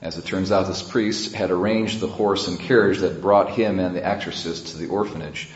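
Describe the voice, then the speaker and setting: Priest, low voice, preaching a sermon, storytelling with emphatic build-ups, echoey church sound. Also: male voice, fairly even intonation. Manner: storytelling with rising emphasis and pauses. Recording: echoey, dull church recording.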